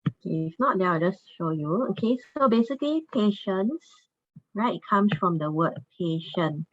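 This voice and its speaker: A woman's voice: medium pitch, lively intonation, normal speed. A woman teaching an online English class, patient and encouraging, often saying "okay" between phrases, heard over a video call. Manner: patient, says "okay" a lot. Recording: dull lo-fi video call audio.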